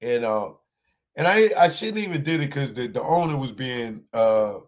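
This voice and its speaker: A man performing live stand-up, telling a long story in slang, with many restarts, and jumping into high shouted voices for the other people in it. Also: expressive, moderate pace. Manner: repeats and restarts words, talks in slang. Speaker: stand-up comedian.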